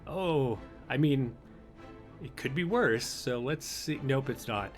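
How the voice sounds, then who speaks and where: A man's voice: mid-range voice, lively intonation, slow pace, faint music behind. A man narrating a tabletop game as game master, in a loose, chatty way. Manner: loose and conversational, many fillers.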